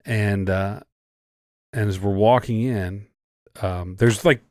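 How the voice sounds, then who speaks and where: A man's voice: fairly low pitch, slow pace, no room sound. Profane storytelling man, dry close sound. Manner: profane storytelling, animated when quoting. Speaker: podcast co-host. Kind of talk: casual chat.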